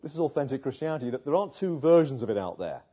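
Earnest preacher, muffled recording. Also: male voice, medium pitch, very animated, fast talker, dark tone, slightly rough. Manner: earnest, rhetorical questions, builds to emphatic passages. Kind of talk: sermon. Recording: muffled lo-fi sound.

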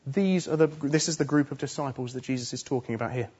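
A man's voice: mid-range voice, fast talker, a little mellow, slightly rough, highs cut off. A man preaching a sermon earnestly, pressing his points home with emphatic repetition. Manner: earnest, emphatic, repeats phrases for stress.

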